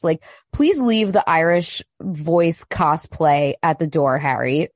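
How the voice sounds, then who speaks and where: A woman's voice: deep voice, lively intonation, slow, dry recording, clean studio sound. Blunt, swearing woman podcast host. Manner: blunt, indignant, swears freely. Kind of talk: casual chat.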